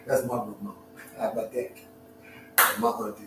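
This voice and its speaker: Emotional man, hushed to preaching, echoey. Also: lowish voice, level tone, measured pace, very noisy. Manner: swings from hushed near-whisper to loud preaching. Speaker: talk show host. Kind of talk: emotional heartfelt talk to listeners. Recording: very echoey room, far from the mic, clear music behind.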